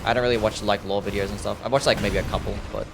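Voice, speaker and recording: Gravelly laid-back young male streamer. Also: fairly low pitch, fairly even intonation, rapid-fire. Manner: laid-back, swears often, laughs easily. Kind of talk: casual livestream chat while gaming. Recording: music playing faintly behind.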